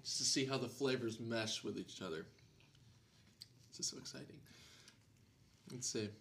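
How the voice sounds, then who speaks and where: A man's voice: medium pitch, moderate pace, gravelly, fairly bright tone, slight background noise. A man co-hosting a podcast, chatting casually and joking while tasting ice cream. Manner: upbeat, jokey, talks while eating. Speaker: podcast co-host.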